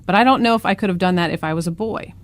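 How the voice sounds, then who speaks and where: An American woman who works as an educator, explaining things calmly in a casual discussion. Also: fairly low pitch, racing. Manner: calm and explanatory. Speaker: guest educator.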